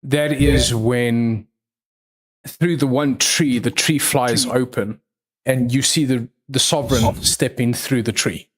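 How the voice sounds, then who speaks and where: Male game master for a livestreamed tabletop game. Slow, deliberate storytelling with a mid-range voice. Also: medium pitch, fairly even intonation. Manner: slow, measured storytelling with pauses. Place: online livestream.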